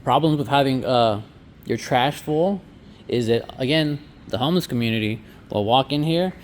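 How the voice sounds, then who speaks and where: A man's voice: mid-range voice, normal speed, slight background noise. A man who owns a laundromat, talking casually through a walkthrough vlog with sarcastic asides. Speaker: laundromat owner. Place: inside a laundromat.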